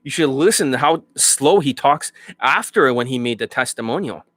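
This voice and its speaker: A man's voice: medium pitch, lively intonation, moderate pace, fairly bright tone, no room sound. Blunt, profane male dating coach. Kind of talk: coaching rant.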